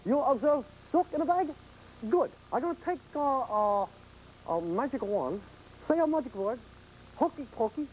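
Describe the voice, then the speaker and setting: A bumbling male stage magician in a Polish accent, broken English and chuckling showmanship, as a man puts him on for 1970s TV. The voice is mellow and swoops around a lot. He coaxes the audience to observe every step. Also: very high voice, animated, moderate pace, slight background noise, rough recording. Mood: showy. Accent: put-on Polish. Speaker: TV horror host doing magic. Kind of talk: 1970s TV horror host performance.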